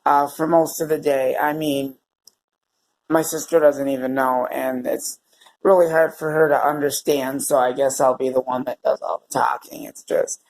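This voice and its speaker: A male vlogger talking to his viewers in a tearful, emotional way, halting and close to crying. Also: medium pitch, fairly even intonation, darkish tone, rough recording. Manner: emotional and halting, often addressing viewers as "you guys". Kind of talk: personal video diary.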